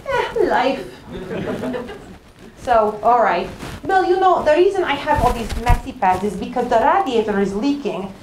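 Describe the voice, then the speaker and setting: A woman's voice: fairly high pitch, lively intonation, measured pace, darkish tone, reverberant, slight background noise, poor audio. A woman putting on a blunt old mother. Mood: bossy. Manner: blunt, broken English, scolding. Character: pushy old Hungarian mother, blunt and fussy.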